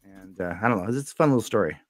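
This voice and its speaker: A man's voice: on the low side, animated, rapid-fire, dry recording, clean studio sound. A man hosting a casual livestream chat, rambling easily and laughing often. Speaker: storyteller, channel host.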